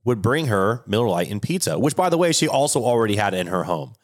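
A young man co-hosting a podcast, chatting casually with animated, profane rants. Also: lowish voice, quick pace. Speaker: podcast co-host. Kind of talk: casual chat.

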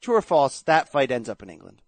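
A man's voice: mid-range voice, big pitch swings, fairly quick, gravelly, a little hiss or hum. A man hosting a casual boxing chat show, joking and bantering with his co-host. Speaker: podcast host.

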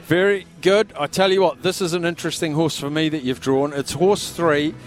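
A man hosting a live radio sweep draw from a busy pub, chatty and quick, raising his voice over the room. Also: on the high side, fairly even intonation.

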